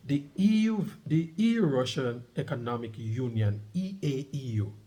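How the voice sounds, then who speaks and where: This middle-aged vlogger has a mellow, mid-range voice, expressive and at a moderate pace. He reads a news article aloud, stops to add commentary, emphatically repeats key points, and asks his audience to underline words.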